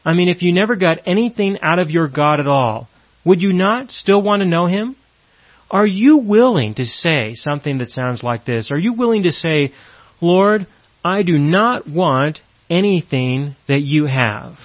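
A man delivers a sermon with earnest emphasis, asking question after question and repeating his key lines. His voice sits a little high. The recording is dry and close, with a muffled, lo-fi tone. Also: animated, moderate pace, no room sound. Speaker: preacher.

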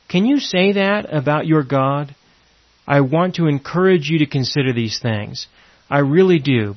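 A man delivers a sermon with earnest emphasis, asking question after question and repeating his key lines. His voice sits a little high. The recording is dry and close, with a muffled, lo-fi tone. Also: no echo. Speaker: preacher.

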